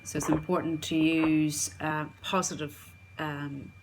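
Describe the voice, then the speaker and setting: A woman's voice: low voice, flat delivery, unhurried, slight background noise. A woman coaching parents in an instructional talk, earnest and repeating key phrases for emphasis.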